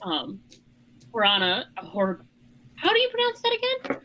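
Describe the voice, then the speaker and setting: A woman's voice: mid-range voice, wildly swooping pitch, normal speed, sharp tone, a little hiss or hum, rough recording. A woman who is a first-time guest player, chatting animatedly after the game and laughing as she tells how it went. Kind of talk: casual post-game chat.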